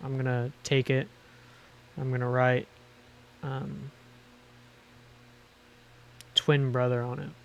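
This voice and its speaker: A man at a tabletop game quietly describes what his character does, step by step. He speaks in a relaxed way at a middle pitch. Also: takes it slowly, pauses often, dull audio. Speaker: player.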